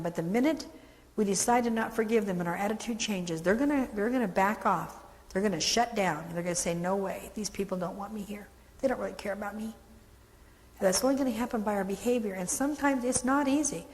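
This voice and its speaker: A woman's voice: mid-range voice, long reverb tail, rough recording. An older woman, a foster care trainer, gives earnest counsel and tells stories full of quoted dialogue. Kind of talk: training video talk with stories.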